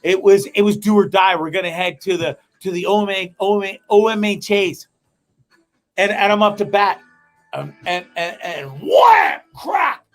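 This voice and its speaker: A man hosting a comedic live show, telling stories in a rambling, profane, animated way. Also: high voice, normal speed, soft background music. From Canada. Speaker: host.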